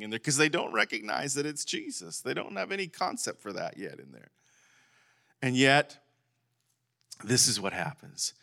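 Bright-voiced man preaching a sermon. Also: mid-range voice, moderate pace, vocal fry, long pauses. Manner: animated preaching, calls out to congregation. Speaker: pastor.

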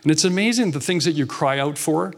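This guest preacher has a slightly high voice and talks animatedly and fairly quickly. In a church sanctuary he gives an earnest, informal sermon, chatting conversationally and often starting sentences over.

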